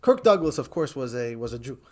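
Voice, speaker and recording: A man, a rabbi, teaching a class in a lively, animated way, often laughing and repeating phrases for emphasis. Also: medium pitch, moderate pace.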